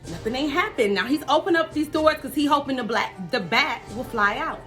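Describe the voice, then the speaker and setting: A middle-aged woman with a high, bright voice tells a family story on her vlog. Her telling is animated and dramatic, and she acts out what each person said. The delivery is loose and casual. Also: a little fast, soft background music. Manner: animated, dramatic retelling that acts out the others' lines.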